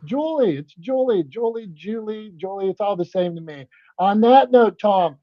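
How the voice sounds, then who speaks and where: A man with a higher voice and a regional American accent hosts a loose, joking group chat, excitable and quick to restart his lines. His voice comes through dry but a little dull and lo-fi, as over a video call. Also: no room sound. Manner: playful, excitable, lots of restarts. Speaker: host. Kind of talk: casual podcast banter. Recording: slightly dull lo-fi sound.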